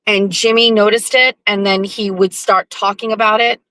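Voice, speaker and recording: A woman hosting her own show, telling a profane, animated story with sarcastic asides in a casual live-stream monologue. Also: medium pitch, moderate pace, no echo, poor audio. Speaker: show host.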